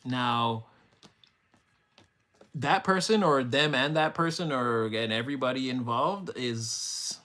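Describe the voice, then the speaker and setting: A man's voice: mid-range voice, slow pace, pauses often, bright, forceful tone. A young man giving a live-streamed tarot reading, rambling and emotional, swearing casually as he talks to his chat. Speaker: tarot reader.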